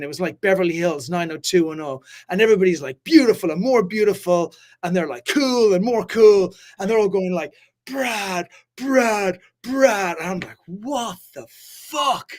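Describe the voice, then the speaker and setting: A man hosting a live business talk, hyped and fast-flowing, swearing casually and swinging between loud and quiet. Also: high voice. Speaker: host. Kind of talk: energetic live-stream chat.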